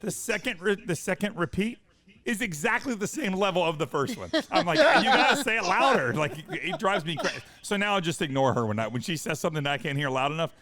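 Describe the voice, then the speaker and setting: A man co-hosting a radio morning show, telling loud, animated stories about what annoys him in casual on-air banter. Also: a little high, fast. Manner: loud, animated ranting storyteller. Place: radio studio.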